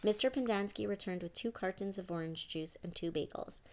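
A woman reading a story aloud in a steady storytelling manner. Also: medium pitch, fairly quick. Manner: steady storytelling, voices each character. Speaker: audiobook narrator. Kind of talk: scripted narration.

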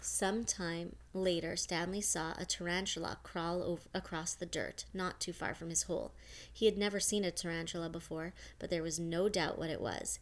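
A woman reads a novel aloud in a steady, even narration. Her voice sits a little lower than most women's. She trips over a word now and then and restarts without fuss. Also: normal speed. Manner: steady reading with small restarts. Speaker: audiobook narrator.

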